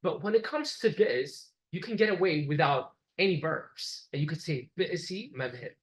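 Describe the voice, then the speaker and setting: A man's voice: a little high, lively intonation, moderate pace, poor audio. A man giving a classroom lecture, explaining step by step and repeating examples so the class can follow.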